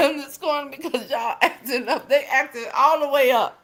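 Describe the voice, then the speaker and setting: She's a livestream host with a high, slightly bright voice and a moderate pace, going through viewer comments in a casual, teasing way with plenty of laughter.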